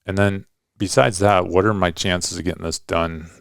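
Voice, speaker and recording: Low gravelly middle-aged man telling a story. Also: moderate pace, no echo, clean studio sound. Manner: relaxed storytelling, loose and rambling with frequent "kinda" and "like". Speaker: podcast host and hunting dad. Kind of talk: casual hunting story.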